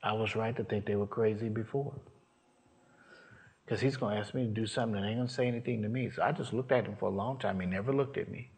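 A man's voice: on the low side, fast talker. A man preaching, telling a story from his own life and acting out the voices of the people in it. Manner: storytelling, acts out voices, rising to shouts. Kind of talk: sermon testimony.

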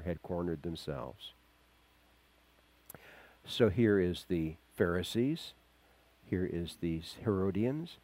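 A man preaching a verse-by-verse sermon, acting out the quoted voices and swinging between loud emphasis and quiet asides. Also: low-pitched. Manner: acts out quoted voices, chuckles. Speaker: pastor. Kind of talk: expository sermon.

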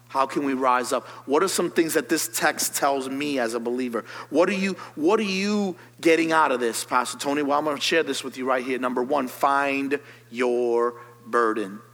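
A man, a pastor, preaching a sermon, reading scripture and rising to loud, high, fervent calls. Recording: long hall reverb.

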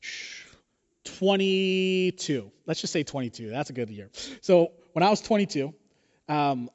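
A man preaching a sermon as pastor, telling a personal story in an animated, joking way. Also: fairly high pitch. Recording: dull sound in a reverberant hall.

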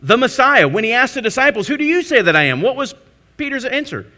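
A man preaching a sermon, questioning his listeners and answering himself, with swings between loud emphasis and hushed intensity. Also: extremely high pitch, big pitch swings, fast. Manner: asks the congregation questions and answers them himself. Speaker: pastor.

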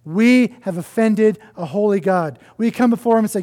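Guy preaching a sermon, kinda high voice, earnest, goes quiet and hushed to make a point. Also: moderate pace, hardly any pauses. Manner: earnest, drops to a soft hush for emphasis. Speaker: pastor.

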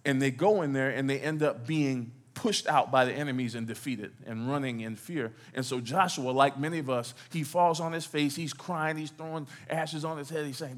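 In a church sanctuary, a middle-aged pastor preaches at a moderate pace, his voice medium in pitch with few pauses. He works in call-and-response style, putting questions to the congregation and waiting for them to answer.

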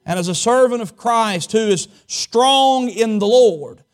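A male pastor from Southwest Virginia, preaching a sermon and stretching out key words for emphasis. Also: very high voice. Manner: dramatic preaching, slows and stretches key words, tells folksy stories.

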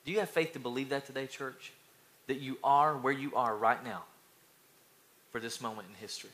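A male pastor preaching an energetic sermon, calling out to the congregation and building to loud, fired-up passages. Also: medium pitch, a little fast.

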